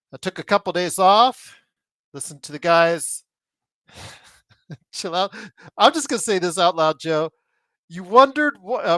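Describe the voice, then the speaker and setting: A man hosts a sports podcast, talking in a loose, rambling way and joking through plugs for the show. His pitch swings up and down freely. The recording is dry, with no room around the voice. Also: no room sound. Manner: rambling, animated, jokey plugs. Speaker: podcast host. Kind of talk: casual sports podcast chat.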